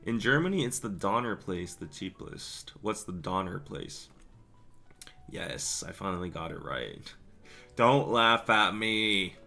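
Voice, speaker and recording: A young man hosting a live stream, chatting casually and rambling through stories and viewer comments with quick asides and laughs. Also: low-pitched, animated, creaky, a bit bright, faint music behind. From Korea. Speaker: podcast host reading live chat.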